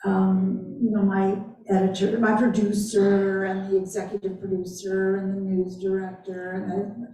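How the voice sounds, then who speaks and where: A woman author answering audience questions at a library talk, animated and emphatic, often repeating her phrases. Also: mid-range voice, a little slow. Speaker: guest author. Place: library event room. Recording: echoey room, distant mic.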